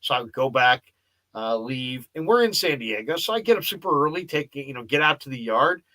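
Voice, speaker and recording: A man hosting a casual sports radio show, telling anecdotes as a lively storyteller who acts out the dialogue. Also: mid-range voice, brisk.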